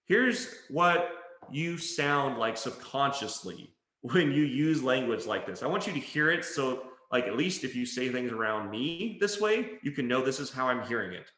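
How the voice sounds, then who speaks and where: A man's voice: fairly high pitch, lively intonation, moderate pace, fairly bright tone. A man giving a motivational talk on language, speaking emphatically, calling listeners guys and mimicking whiny complaints. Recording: echoey room.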